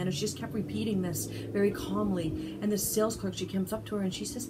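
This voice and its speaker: A woman's voice: mid-range voice, little pitch movement, noisy background. An older woman and grandmother giving a heartfelt devotional talk from her home sunroom, telling stories and stumbling into restarts. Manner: warm storyteller, halting with restarts.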